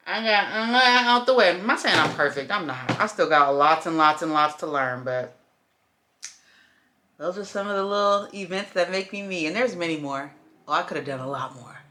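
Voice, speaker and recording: Animated, storytelling woman with a low, bright voice. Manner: animated storytelling, acts out voices, addresses viewers as y'all and baby. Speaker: vlogger telling a story. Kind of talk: casual storytime vlog. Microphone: camera while doing makeup.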